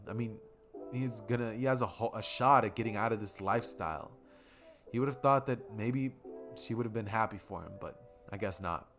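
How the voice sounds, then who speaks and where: A man's voice: mid-range voice, a bit bright. A man narrating a fan story in a casual, rambling way, with frequent fillers. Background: music.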